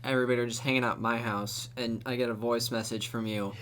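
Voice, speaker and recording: A young man co-hosting a casual podcast at an ordinary mid pitch. He tells stories loosely, laughing and swearing as he goes. A faint hum runs under his voice. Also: little pitch movement, fast, a bit bright. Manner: laughing storyteller who acts out quotes, swears freely. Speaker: podcast co-host. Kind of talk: casual chat.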